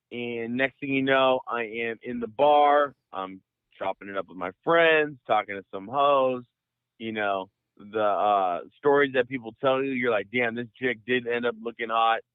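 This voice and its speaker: A young man from the Bay Area telling a long profane story on a podcast, rambling and animated. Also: medium pitch, unhurried, smooth, no echo. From San Francisco Bay Area. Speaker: podcast host. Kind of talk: casual storytelling. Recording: dry, phone-like audio.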